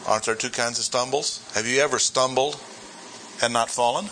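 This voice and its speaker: A man giving verse-by-verse Bible teaching to a gathered group, deliberate and emphatic, stressing and repeating his key points. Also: medium pitch, fairly even intonation, pushed and bright, a little hiss or hum, poor audio.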